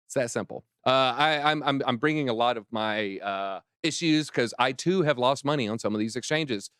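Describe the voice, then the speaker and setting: Ranting crypto show host, clear voice. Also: male voice, mid-range voice, normal speed, few pauses, no echo, clean studio sound. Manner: energetic ranting, mocking. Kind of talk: livestream commentary.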